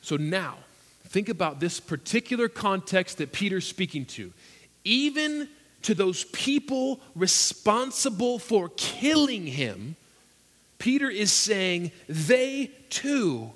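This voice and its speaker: A man's voice: high-pitched, fairly bright tone. A man preaching a sermon as pastor, earnest and emphatic, firing off rhetorical questions. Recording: echoey hall reverb.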